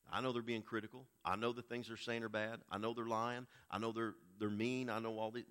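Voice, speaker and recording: A man preaching a sermon, swinging between quiet, hushed stretches and loud, raised passages. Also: lowish voice, fast, hardly any pauses. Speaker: pastor.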